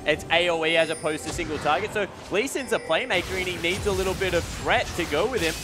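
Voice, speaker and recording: A man's voice: high voice, fast talker, music in the background. A man giving esports color commentary, explaining builds and plays step by step and slipping in dry jokes. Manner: explanatory, dry joking asides.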